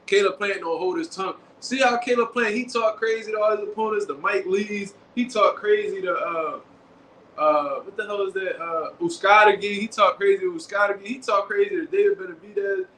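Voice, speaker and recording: Animated slangy man in an echoey room. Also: high-pitched, brisk. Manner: animated, slangy, acts out quotes. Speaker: boxing show host. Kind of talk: casual commentary. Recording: echoey room with faint background noise.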